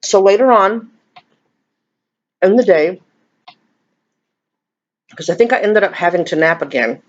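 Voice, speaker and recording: A woman in her fifties vlogs over a meal, chatting in a confiding, emotional, rambling way. Her medium-pitched voice has lively intonation and a slightly slow pace, captured in muffled lo-fi audio.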